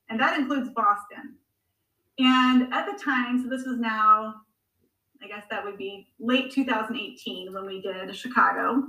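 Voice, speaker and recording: A woman's voice: fairly high pitch, unhurried, recorded from a distance. Chatty woman in an echoey room. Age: 40s. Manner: chatty, animated storytelling with laughs. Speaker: guest, amateur marathon runner. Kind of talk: conversational podcast interview. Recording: echoey room, voice a bit off-mic.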